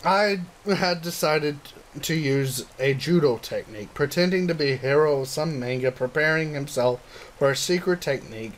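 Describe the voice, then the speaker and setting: A hoarse man reading a visual novel aloud, stumbling and correcting himself as he goes. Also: a little high, normal speed, a little hiss or hum. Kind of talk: casual story reading.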